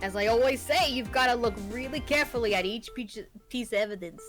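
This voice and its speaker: A woman's voice: a little high, fast, fairly bright tone, soft background music, natural voice. A woman voicing a brash, friendly male police detective from a game, in a casual tough-guy tone. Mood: instructive. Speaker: game player reading lines. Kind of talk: playful game voice-over reading.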